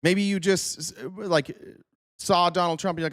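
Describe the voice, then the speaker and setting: Male commentary host, fairly high pitch, blunt and profane, dry close recording. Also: normal speed, a bit bright, no room sound. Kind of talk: casual political commentary.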